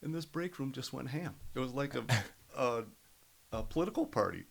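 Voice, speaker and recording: A middle-aged man, a podcast guest, telling stories in an earnest, animated way. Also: medium pitch, moderate pace, gravelly, low-quality recording. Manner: earnest, animated storyteller who acts out other people's voices. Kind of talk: casual storytelling interview.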